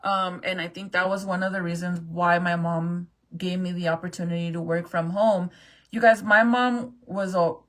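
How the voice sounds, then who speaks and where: Her voice fairly low, fairly bright and fairly even in intonation at normal speed, a late-thirties New Mexico vlogger confides casually in her viewers. She swears freely and holds back tears, laughing nervously as she gets emotional.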